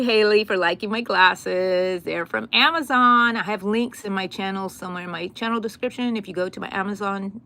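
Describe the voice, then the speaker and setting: Middle-aged woman hosting a casual crochet livestream, chatty and friendly with viewers, slight background hiss. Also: mid-range voice. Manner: chatty, warm with viewers, drawls "y'all", sudden excited squeals.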